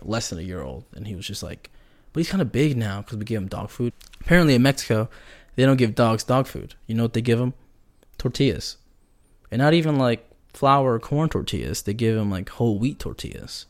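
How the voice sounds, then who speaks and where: A man hosting a casual solo podcast, rambling and joking in a slangy way. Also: mid-range voice. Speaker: podcast host.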